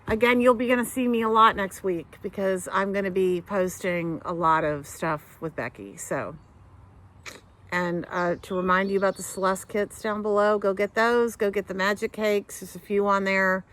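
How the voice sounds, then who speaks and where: A woman's voice: mid-range voice, moderate pace. A middle-aged woman hosting a knitting podcast, chatting casually to camera at home, rambling through tangents and fillers and talking with her hands. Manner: animated, talks with her hands. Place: home couch.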